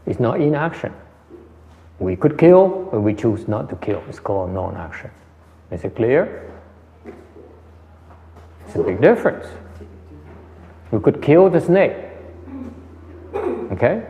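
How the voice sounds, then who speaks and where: A man's voice: medium pitch, big pitch swings, slow pace, long pauses, dark tone, a little hiss or hum. A man giving a conversational dharma lecture, repeating phrases and answering questions. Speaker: meditation teacher. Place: meditation hall. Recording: muffled hall recording.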